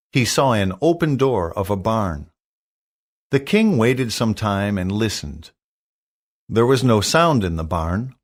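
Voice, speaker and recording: A man narrates a storybook for learners in a careful, expressive way. He reads slowly, and his voice rises and falls a great deal to carry the story. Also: fairly low pitch. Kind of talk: storybook read-aloud for learners.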